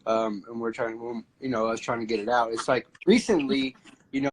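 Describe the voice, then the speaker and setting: A man's voice: medium pitch, moderate pace, slight background noise, rough recording. A man hosting a livestream, chatting casually about spiritual ideas with many fillers and restarts. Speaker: livestream host.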